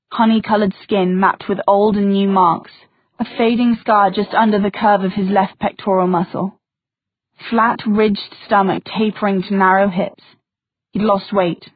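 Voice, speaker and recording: A woman narrating an audiobook in a soft, intimate reading style, on a tinny recording. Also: medium pitch, no room sound. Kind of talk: scripted narration.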